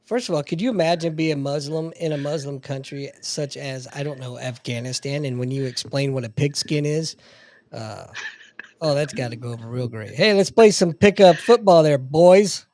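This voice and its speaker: A man's voice: medium pitch, normal speed, a little mellow, no echo. A man hosting an interview, chatting casually and making joking asides. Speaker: host.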